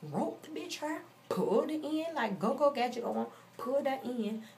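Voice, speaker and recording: A woman's voice: sits high, expressive, normal speed, a little mellow, a little hiss or hum. A woman in her forties telling a story in a casual, blunt and profane rant. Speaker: vlogger.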